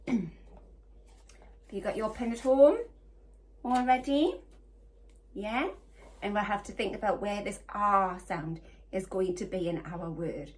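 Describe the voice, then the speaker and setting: A woman primary school teacher giving a phonics lesson to young children, encouraging and sounding out letters one by one. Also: medium pitch. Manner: slow, sing-song, encouraging, sounding out letters. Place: home or classroom, recorded for home learning.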